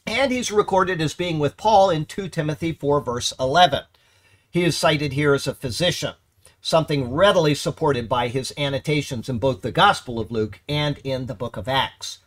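Halting, self-correcting male Bible teacher. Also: on the high side, a bit bright. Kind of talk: verse-by-verse Bible commentary.

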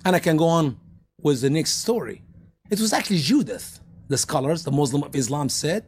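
A man preaching a sermon with animated storytelling, rhetorical questions, and scenes he acts out in different voices. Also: on the high side, fairly quick, husky.

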